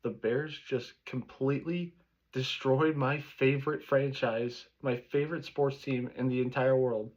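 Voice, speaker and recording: Guy in his 30s cussing and ranting about his team, mid pitch, kinda muffled lo-fi audio. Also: fairly even intonation, measured pace, darkish tone. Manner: angry, profane ranting. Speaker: sports fan vlogger. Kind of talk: reaction rant. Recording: dull lo-fi recording.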